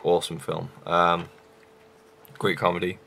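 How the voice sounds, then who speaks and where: A man's voice: sits low, level tone, unhurried, vocal fry, bright, forceful tone. A young man reviewing a film in a rambling, enthusiastic way with many fillers. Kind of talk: casual vlog review.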